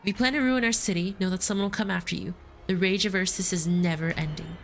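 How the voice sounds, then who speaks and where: A curt, threatening city guard from a game story, as a woman puts him on, pitched lower than her own voice. He talks in clipped, hostile orders. Faint music plays behind. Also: steady tone, quick pace, lightly acted. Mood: stern.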